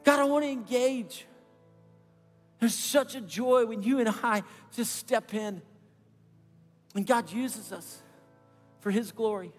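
Middle-aged male pastor, earnest storyteller, fairly high voice, long hall reverb. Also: slow pace, long pauses, soft background music. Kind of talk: sermon.

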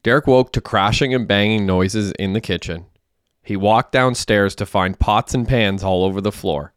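A man reading an audiobook in a steady, plain narrating manner. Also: on the low side, moderate pace, clear, resonant tone, no room sound, studio quality.

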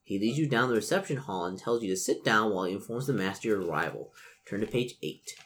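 A man serving as game master who reads a gamebook aloud in a relaxed podcast session and narrates expressively. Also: fairly low pitch, fast.

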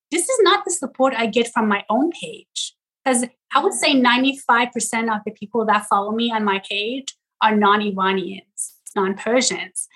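A woman from Iran with a husky, breathy edge to her voice, speaking a little higher than most women. Her tone is bright and forward. She is chatting animatedly in an interview and often asks "right?" to keep the listener with her. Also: rough recording. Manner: animated, talks in quick bursts and often checks in with "right?". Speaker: social media content creator, guest. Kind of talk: casual interview chat.

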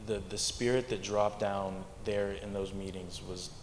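A young man tells his church testimony in a low, quiet voice, stumbling and repeating words as he goes. His voice rings in an echoey hall, with a faint hum of ambience behind him. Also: fairly even intonation. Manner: halting, repeats words, speaks mostly quietly. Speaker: congregant giving testimony.

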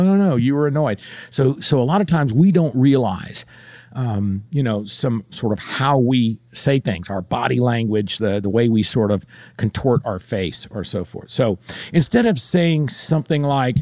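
Animated man giving career advice. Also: mid-range voice, no echo, studio quality. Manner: animated, addresses listener directly with frequent restarts. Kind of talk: direct-to-camera advice talk.

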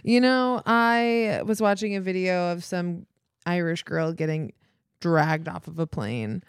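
An American woman co-hosting a casual podcast, bantering playfully with crude jokes and quick laughs. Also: lowish voice, smooth, no room sound, studio quality. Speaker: podcast co-host.

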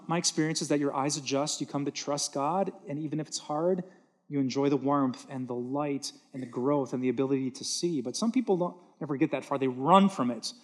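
A man delivers a sermon from a church stage in a voice pitched a little above the usual for men. He speaks earnestly and leans on repetition for emphasis. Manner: earnest, emphatic, repeating words for stress. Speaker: pastor.

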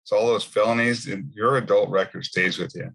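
A man with a low, husky voice tells his faith testimony. He talks in a loose, conversational way and keeps adding asides. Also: steady tone, fairly quick, a bit bright. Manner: conversational storytelling with many asides. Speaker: speaker sharing his testimony.

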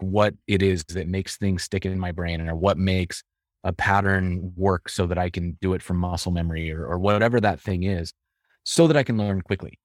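A man with a very low voice talks as a podcast guest in a reflective, storytelling way. He circles back and restarts phrases as he thinks. The sound is dry and close. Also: no room sound. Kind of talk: conversational interview.

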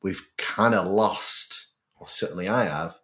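A man co-hosts a casual podcast in a very deep voice. He talks loosely and jokes along, the way friends chat. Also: unhurried, pushed and bright. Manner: loose and jokey. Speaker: podcast co-host.

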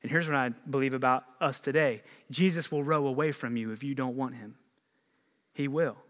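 A male pastor giving a sermon in an animated, conversational way, telling stories with casual slang. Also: mid-range voice, normal speed. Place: church auditorium. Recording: long reverb of a church hall.

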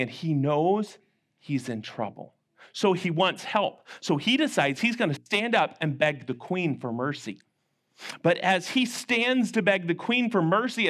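A man with a high voice leads a children's service in church. He tells the story in an animated way, swinging his pitch wide as he acts out each character's lines. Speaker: children's pastor.

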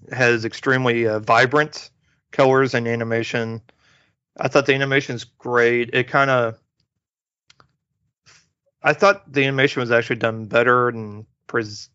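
The recording is dull, lo-fi, and dry: a podcast host casually talking through a movie review, relaxed and rambling with lots of fillers and restarts. He has a medium-pitched voice with a clean tone.

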